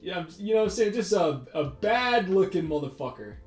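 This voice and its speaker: While sketching on his stream, this male artist spins a profane, meandering story, acting out what people said and leaning on lots of fillers. He speaks at a normal speed in a high-pitched voice. There's a roomy echo with quiet guitar music underneath.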